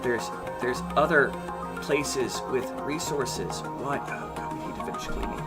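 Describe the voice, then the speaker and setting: A man's voice: mid-range voice, lively intonation, measured pace, loud music behind the voice. A man with a strained voice giving livestream commentary on a game, scolding the little colonists on screen and swearing at them. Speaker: game streamer.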